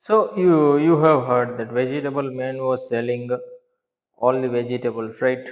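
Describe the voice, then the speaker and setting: A man's voice: mid-range voice, steady tone, moderate pace. A male teacher explaining a children's story, often asking the class a question and then answering it himself. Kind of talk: explaining a school story to young pupils. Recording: echoey room, dull lo-fi sound.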